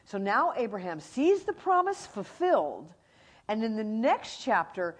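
A middle-aged woman teaching from the Bible with a slightly high, somewhat husky voice. Her pitch swoops widely as she tells stories and acts out the people and animals in them. She sounds animated and expressive throughout. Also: measured pace.

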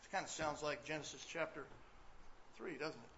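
High bright emphatic male preacher. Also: normal speed, pauses often. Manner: swings from quiet talk to loud emphatic preaching. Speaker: pastor. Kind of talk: sermon. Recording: slightly dull sound with faint noise.

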